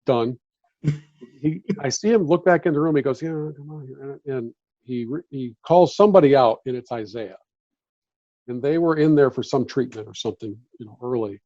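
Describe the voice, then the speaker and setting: Fifties ex-reporter guest, warm voice on dull, dry lo-fi audio, tells stories and acts out quotes. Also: male voice, mid-range voice, moderate pace, dry recording. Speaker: podcast guest, former sports beat reporter. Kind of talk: casual storytelling chat.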